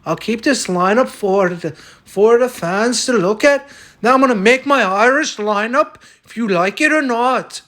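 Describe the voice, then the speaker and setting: A man's voice: extremely high pitch, a little slow, fairly bright tone. A man playing a brash, stubborn character who claims to be Irish, talking in a blunt, boastful way with some swearing in a comic sketch. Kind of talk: comic sketch over a fantasy lineup.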